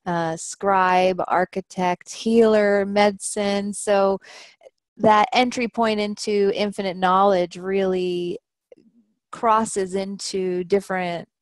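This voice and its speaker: Woman guest author, slow and thoughtful, dry close sound. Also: medium pitch, steady tone, no echo. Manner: thoughtful, hesitant with fillers. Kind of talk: interview answers.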